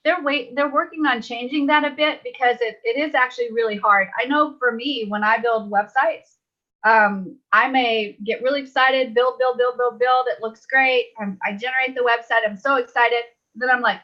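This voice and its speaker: A woman's voice: on the high side, steady tone, moderate pace, highs cut off. A woman leading a live online webinar tutorial, chatty and upbeat, laughing easily. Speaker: webinar trainer.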